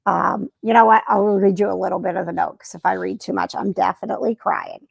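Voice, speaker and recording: Gravelly-voiced woman reading live at home. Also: medium pitch, steady tone, a little fast, no room sound, poor audio. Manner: chatty, sweet-talks her cats, stumbles and corrects herself. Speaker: author and channel host. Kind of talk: live book reading and chat. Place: home, by a Christmas tree and fire.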